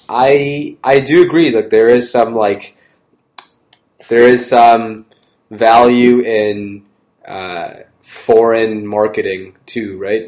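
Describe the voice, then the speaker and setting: A man with a low voice chats casually. He rambles through his points, hesitating and restarting often. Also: darkish tone. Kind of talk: casual conversation.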